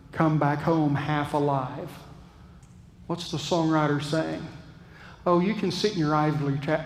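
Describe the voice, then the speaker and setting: Slow, earnest preacher in echoey church. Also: male voice, a little high. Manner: reflective, earnest preaching with pauses. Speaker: pastor. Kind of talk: sermon.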